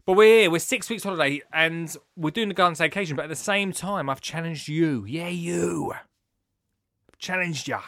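A man's voice: a little high, fairly quick, few pauses, dry recording. Rambling man, chatty podcast host. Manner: rambling, chatty, jumps between loud and hushed. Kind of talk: casual chat.

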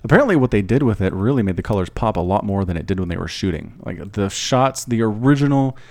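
A man with a somewhat low voice in casual conversation with friends. He talks in long, winding stories and keeps adding enthusiastic asides. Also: animated, quick pace, a little mellow. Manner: rambling storyteller, enthusiastic asides. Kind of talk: casual chat.

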